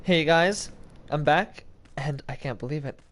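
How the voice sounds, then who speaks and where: A man's voice: fairly high pitch, measured pace. Exasperated young man coaxing a game character. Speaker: gaming video creator. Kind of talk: casual gameplay commentary.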